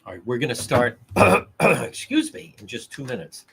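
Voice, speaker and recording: Husky, lively talk radio man. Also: mid-range voice, normal speed. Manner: rambling, repeats phrases for emphasis. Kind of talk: live talk radio livestream.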